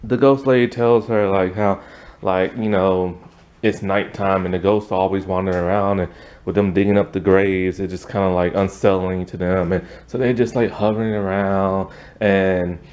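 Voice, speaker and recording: A man's voice: low voice, steady tone, normal speed, a little mellow, smooth. A man giving a casual, rambling spoken review of a TV episode, retelling the plot with many fillers.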